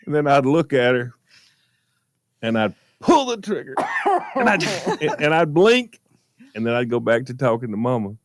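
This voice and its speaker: A man's voice: medium pitch, sing-song, normal speed, long pauses, background noise. An older man, co-hosting a radio show and telling a story in casual chat, laughing through his punchlines.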